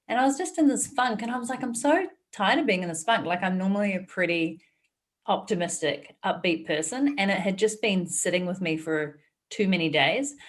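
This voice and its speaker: Laughing New Zealand woman storyteller. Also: medium pitch. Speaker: guest author. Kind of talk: casual interview storytelling.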